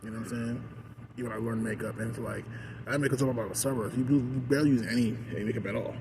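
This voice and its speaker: Man, mid-pitched, casual profane rant, heavy filler words, noticeable traffic noise behind. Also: fairly even intonation, rapid-fire. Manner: rambling, profane, constant "like" fillers.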